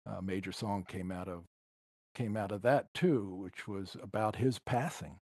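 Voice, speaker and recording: A man's voice: lowish voice, unhurried, darkish tone, dry recording, studio quality. A man, a musician guest on a podcast, telling personal stories in a reflective, emotional way. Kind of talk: storytelling interview.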